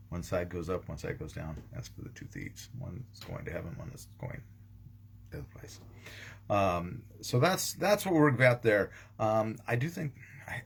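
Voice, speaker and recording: A man's voice: low-pitched, a bit bright, slight background noise. A man, a pastor, giving a casual daily devotional talk, rambling with frequent ums and restarts. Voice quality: gravelly, husky.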